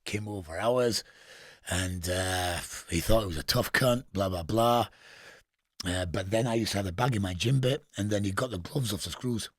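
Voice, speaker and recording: A man from England with a Geordie accent tells prison stories as a podcast guest in a casual interview, blunt, swearing a lot, and laughing at his own tales. His voice is fairly low at a normal speed, recorded dry with studio quality.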